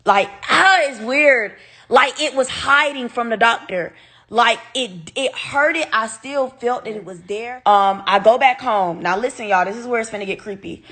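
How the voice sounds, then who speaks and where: A woman chatting straight to her viewers in a loose storytime vlog. She is animated and candid and swears freely. Her voice sits at an ordinary middle pitch for a woman. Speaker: vlogger telling a personal story. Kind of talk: casual storytime chat.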